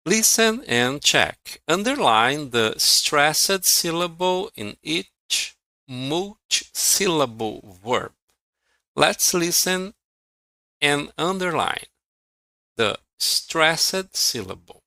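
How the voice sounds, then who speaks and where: A man from Brazil with a Brazilian Portuguese accent, teaching English pronunciation slowly and repeating words for practice. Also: on the high side, very animated, bright, forceful tone, no echo, poor audio. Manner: slow, deliberate, repeats words for drilling. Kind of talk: online pronunciation lesson.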